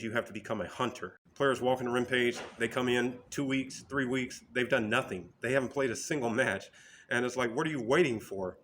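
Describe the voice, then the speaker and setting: A man's voice: medium pitch, a bit bright, slight background noise. A man giving a motivational talk in an emphatic, direct, storytelling way.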